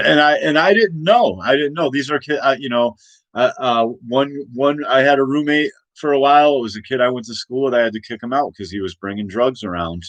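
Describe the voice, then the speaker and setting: A man's voice: medium pitch, fairly bright tone, dry recording. A man hosting a casual political rant in a rambling way, with many restarts and laughs at his own points. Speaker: host.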